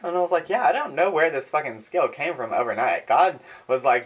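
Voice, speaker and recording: A man's voice: fairly high pitch, big pitch swings, brisk, hardly any pauses, slightly rough. A young man telling a sarcastic, profane story in a casual vlog from his home kitchen, filmed on a phone. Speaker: vlogger. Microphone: phone camera. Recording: dull phone recording.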